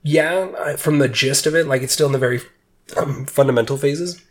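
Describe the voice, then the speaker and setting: A man with a stuffed-up, nasal voice hosts a laid-back podcast chat. He rambles loosely, filling gaps with "like" and "um" and breaking into quick laughs. His pitch sits in an ordinary middle range. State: congested, nasal. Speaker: podcast host.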